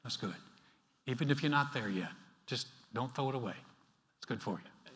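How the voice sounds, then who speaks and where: A male pastor preaching a sermon in a church, talking in a conversational, animated way with playful asides. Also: medium pitch, moderate pace. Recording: reverberant hall.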